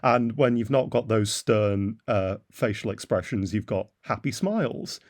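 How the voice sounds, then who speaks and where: A man's voice: fairly low pitch, animated, a little slow, darkish tone. A man giving a blunt, derisive opinion monologue as a commentator, with frequent "uh" fillers. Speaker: political commentator.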